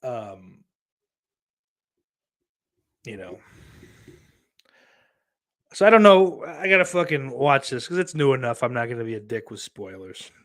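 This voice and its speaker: A man hosting a solo podcast in a loose, rambling way, cursing constantly and poking fun at himself. His pitch swings widely as he reacts to viewer comments. He sits at a mid pitch for a man. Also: animated, a little slow, pauses often, a bit bright. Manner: rambling and heavily profane, self-mocking. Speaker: podcast host.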